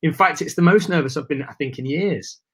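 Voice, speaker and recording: A man's voice: a little high, a little fast, a bit bright, husky. A man hosting a live webinar, chatting casually and greeting viewers by name, a bit nervous. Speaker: webinar host.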